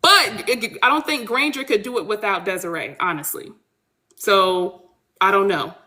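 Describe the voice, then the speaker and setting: A woman author in casual podcast chat, animated and blunt, speaking. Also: medium pitch, moderate pace. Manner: animated, blunt, swears freely. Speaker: author guest.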